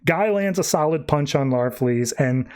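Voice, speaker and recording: A man's voice: a little high, animated, darkish tone, clean tone. A man hosting a podcast, giving a rambling, casual recap of a comic book story. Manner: rambling, breezy summarizing with quick mock voices. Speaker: podcast host.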